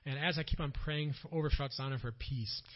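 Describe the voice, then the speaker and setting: A man's voice: medium pitch, a little fast. A man speaking as a missionary at a church conference, telling stories from his work and acting out the people in them. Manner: animated storyteller, acts out quotes loudly. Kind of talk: mission talk with storytelling. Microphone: church PA recording. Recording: dull lo-fi audio.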